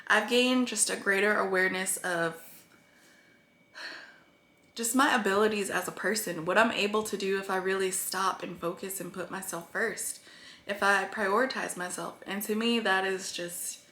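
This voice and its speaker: A woman's voice: mid-range voice, fairly even intonation, normal speed, bright, forceful tone, reverberant. A woman talking earnestly to her viewers in a rambling vlog about her weight-loss progress. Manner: earnest, rambling, tearful at times. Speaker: vlogger.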